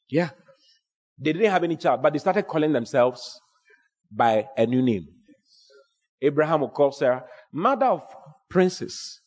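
A man's voice: a little high, big pitch swings, unhurried, long pauses, a little mellow, long reverb tail. A man, preaching a sermon with emphatic, repeating phrases.

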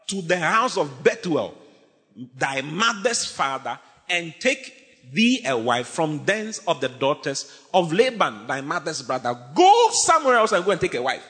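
A man preaching from the pulpit, his pitch leaping up and down as he shouts and jokes. His tone is bright and ringing, and a long reverb trails every phrase in the big church hall. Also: measured pace. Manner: animated, emphatic, often shouting and laughing. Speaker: pastor. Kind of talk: sermon.

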